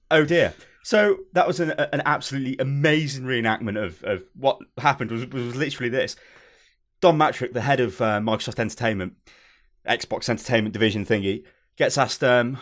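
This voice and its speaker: A man's voice: mid-range voice, fairly quick, fairly bright tone. A man hosting a casual gaming chat show, joking and swearing as he talks. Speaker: host.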